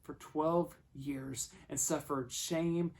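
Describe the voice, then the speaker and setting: This man delivers a sermon as a story, voicing the people he quotes and shifting between hushed and loud passages. His pitch is a little high, his intonation fairly even, and his pace slow.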